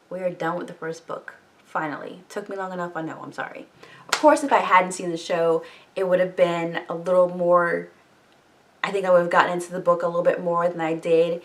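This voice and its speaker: A woman talking casually as she recaps and reviews a book, full of fillers, jokey asides and swearing. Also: on the low side. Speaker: book vlogger.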